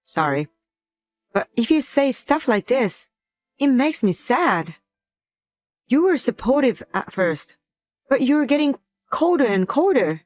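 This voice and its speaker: A woman playing a young wife who uses a wheelchair, speaking in a gentle, pleading way in a scripted drama. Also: high voice, sing-song, slow, pauses often, heavily acted. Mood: hurt. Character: young wife in a wheelchair, hurt but patient.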